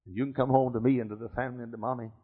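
A man voicing a gentle little blind girl who pleads in a hushed voice during a sermon. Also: mid-range voice, steady tone, racing, husky, in a large hall, pitched below the performer's own voice, natural voice. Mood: hushed pleading. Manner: hushed, soft-spoken. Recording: dull lo-fi sermon recording.

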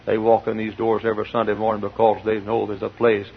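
A middle-aged male pastor preaching a sermon in a large church, swinging from quiet storytelling to loud shouting, with a husky voice. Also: fairly low pitch, monotone, fast talker, slight background noise. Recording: dull lo-fi church recording.

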